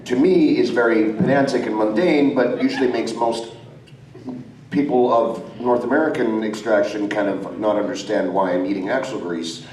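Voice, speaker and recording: A man from Australia, a voice actor on a convention panel, telling stories excitably in casual talk. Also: lowish voice, normal speed, a little hiss or hum. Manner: excitable storyteller. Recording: echoey hall from far off.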